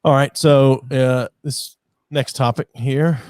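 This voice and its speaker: A man's voice: medium pitch, fairly even intonation, slow pace, a little mellow, smooth, dry recording. Guy hosting a podcast, jokey, mid voice, dry close mic. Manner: joking, leads topics. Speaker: podcast host. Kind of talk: casual podcast chat.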